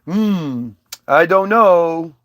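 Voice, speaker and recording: A man's voice: on the high side, expressive, drawn-out words, no room sound, muffled recording. A man voicing Eve as a dim, childlike woman who talks in broken, simple grammar. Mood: dopey.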